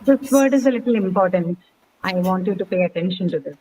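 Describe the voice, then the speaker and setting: A woman teaches a class over a video call, explaining each rule step by step and repeating the key words. Her voice sits at a middle pitch, with a faint hiss under it. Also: expressive, brisk, mellow, rough recording. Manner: patient, explains step by step, repeats words, frequent "okay" and "right". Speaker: English teacher. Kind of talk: online class teaching word stress.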